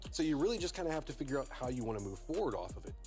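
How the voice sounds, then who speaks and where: A man's voice: medium pitch, very animated, racing, darkish tone, soft background music. A man breaking down esports matches on a live panel in an analytical way.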